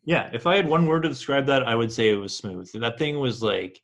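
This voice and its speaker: A man's voice: mid-range voice, brisk. Laid-back Canadian man chatting. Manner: laid-back, many filler likes and restarts. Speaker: podcast co-host. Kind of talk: casual chat.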